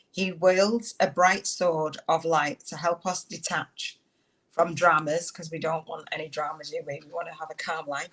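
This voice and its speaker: A woman's voice: on the low side, poor audio. A woman hosting a casual livestream, talking affectionately to her viewers and reading an oracle card aloud. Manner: warm, affectionate, emotional, calls viewers darling and beautiful. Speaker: podcast host on a livestream.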